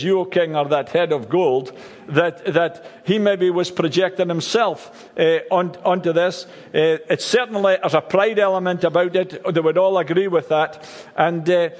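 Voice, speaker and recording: Halting preacher in a ringing hall. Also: male voice, sits high. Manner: halting, repeats words, wry asides. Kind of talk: sermon. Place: church service streamed online.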